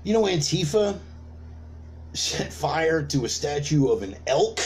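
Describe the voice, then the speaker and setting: Animated, profane ranting preacher man. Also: fairly high pitch, unhurried, a little hiss or hum. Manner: profane, emphatic, uses repetition and rhetorical questions. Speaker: preacher of an online sermon. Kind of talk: ranting sermon.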